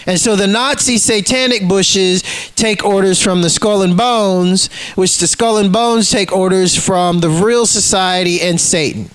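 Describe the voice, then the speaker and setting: A man's voice: sits high, unhurried, fairly bright tone, rough recording. A man ranting casually to the camera, heated and profane, acting out the people in his stories. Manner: profane, heated, acts out quotes in scenes.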